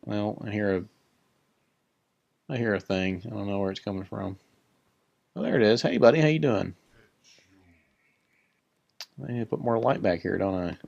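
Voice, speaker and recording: A man tours his Minecraft build in casual let's-play commentary, rambling, self-deprecating, and chatting to in-game creatures. His lowish, slightly worn voice is fairly even and dark with vocal fry, moderate pace and frequent pauses, recorded dry with the highs cut off.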